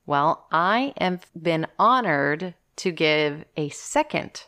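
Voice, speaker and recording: A woman with a notably low voice, clear and smooth, chatting casually as a podcast co-host. She talks in a lively, playful way and laughs readily at a close microphone. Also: slow pace.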